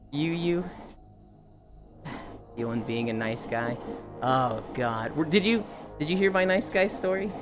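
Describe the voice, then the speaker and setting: Animated woman streamer telling stories. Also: on the low side. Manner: animated storyteller acting out quotes in loud mock voices. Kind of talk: casual live-stream chat. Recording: background music under the voice.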